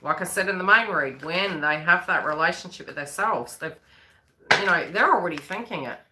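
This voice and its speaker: A woman's voice: on the low side, expressive, moderate pace, very noisy. A woman psychic reader on a live stream, chatting in a rambling way and acting out the voices she quotes.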